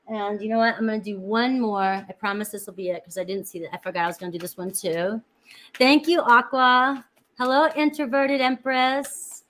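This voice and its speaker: A Florida woman with a medium-pitched voice chats casually with viewers during a tarot reading, calling out each sign and greeting people by name. The audio quality is poor.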